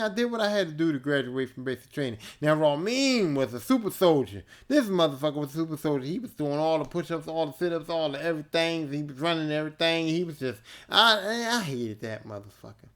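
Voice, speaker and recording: A male podcast host telling a casual story alone, laid-back, profane and animated. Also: a little high, brisk.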